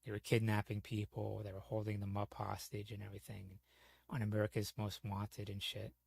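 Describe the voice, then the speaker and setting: A man's voice: on the low side, completely flat delivery, fairly quick, gravelly, a little mellow, a little hiss or hum. A man chatting casually on a gaming stream, telling rambling, profane stories full of "you know". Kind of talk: casual storytelling chat.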